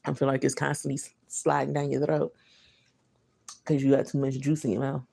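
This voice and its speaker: A woman with a low, gravelly voice chats casually on a livestream. She talks loosely and slangily to her viewers, reading their comments and chuckling often. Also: little pitch movement, a little fast, warm tone, a little hiss or hum.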